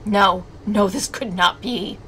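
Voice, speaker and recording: A woman's voice: medium pitch, takes it slowly, a bit bright, slight background noise. A woman reading a visual novel aloud as a game streamer, with snarky asides between narration. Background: game music.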